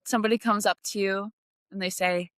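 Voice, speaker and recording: A woman's voice: mid-range voice, a little fast, no room sound, studio quality. Woman co-host setting up playful prompts. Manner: animated, laughs a lot, sets up role-play prompts. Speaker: podcast co-host. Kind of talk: casual chat.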